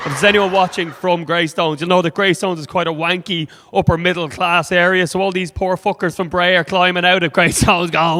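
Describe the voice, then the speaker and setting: A man's voice: high voice, fairly even intonation, brisk, few pauses, sharp tone, slight background noise. A young Irish man doing stand-up comedy in a club, sardonic and full of swearing, with an Irish accent. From Ireland. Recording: hall reverb from a club stage.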